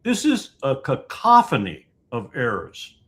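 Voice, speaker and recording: A man's voice: medium pitch, wildly swooping pitch, a little slow, a bit bright. A man giving emphatic, sarcastic political commentary as a guest analyst. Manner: emphatic, sarcastic, mocks quoted officials.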